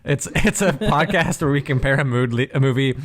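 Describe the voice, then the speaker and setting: A man's voice: mid-range voice, expressive, a little fast, fairly bright tone. A man hosting a movie podcast, rambling and laughing as he talks into an iPad mic. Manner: rambling, laughs often, self-interrupting. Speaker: podcast host. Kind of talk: casual chat. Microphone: iPad microphone.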